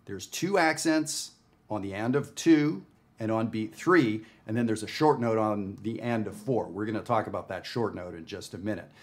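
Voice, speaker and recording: A man's voice: lowish voice, normal speed. A man from Canada giving a casual video lesson on jazz, talking in a conversational, emphatic way and often checking in with "right?". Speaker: jazz music teacher. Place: home studio with his dog.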